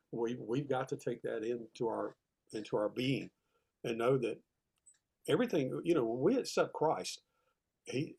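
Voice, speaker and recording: Southern guy telling his story, raspy gravelly voice, earnest and plain. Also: medium pitch, a little mellow. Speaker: podcast guest, former teacher. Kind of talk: earnest interview conversation.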